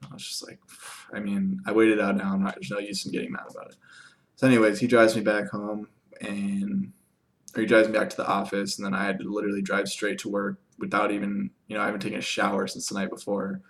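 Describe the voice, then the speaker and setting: A man's voice: lowish voice, flat delivery, fast. A young man in casual storytelling mode, rambling with many fillers and acting out the conversations he recounts. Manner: rambling, filler-heavy, acts out quoted exchanges. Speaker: vlogger.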